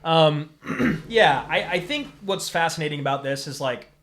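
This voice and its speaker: A man co-hosting a movie podcast, his voice sitting a little high for a man. He talks things through in a relaxed, conversational way, often stopping to correct a detail. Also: a little slow. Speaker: podcast co-host. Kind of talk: casual movie review chat.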